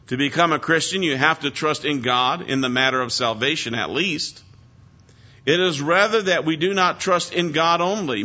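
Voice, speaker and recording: A man preaching an expository Bible lesson with a bright, forceful voice that sits a little high. He leans hard on key words and speaks earnestly. The recording sounds dull and lo-fi.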